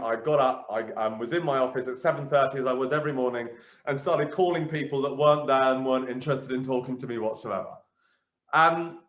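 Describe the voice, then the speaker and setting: Man, founder, storytelling, candid, self-deprecating, many ums, slightly high voice, echoey room. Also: fairly bright tone. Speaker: company founder telling his story. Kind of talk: storytelling talk to a business audience.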